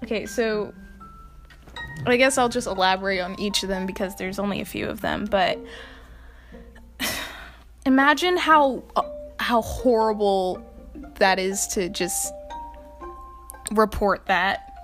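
A woman's voice: medium pitch, steady tone, unhurried, long pauses, a bit bright, faint music behind. A young woman hosting a video, doing casual scripted commentary with laughing, exasperated asides. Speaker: video host.

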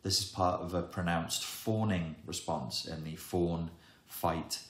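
A man who explains psychology topics in an emphatic, wry monologue with dramatic pauses. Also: deep voice, steady tone. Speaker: self-help educator. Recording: echoey room.

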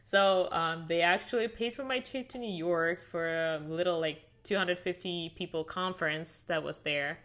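Here the woman's voice sits lowish and fairly bright, moving at normal speed with hardly any pauses. A fluent non-native speaker who picked up English as an adult, she chats with the podcast host about her story, using "like" constantly; she lives in Miami, United States.

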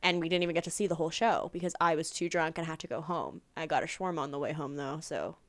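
A woman's voice: low-pitched, steady tone, quick pace. A young woman co-hosting a podcast, chatting wryly, laughing often and swearing casually. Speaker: podcast co-host. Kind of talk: casual chat.

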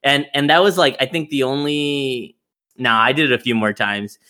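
A man casually telling a story, animated, swearing freely and acting out the people he quotes. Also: mid-range voice, normal speed.

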